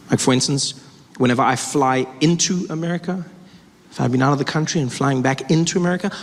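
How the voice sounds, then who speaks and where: A man's voice: medium pitch, gravelly. A male stand-up comedian telling a self-mocking story in a conversational way, with stammered restarts, on stage before a live audience. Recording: reverberant live hall, laughing crowd, noise.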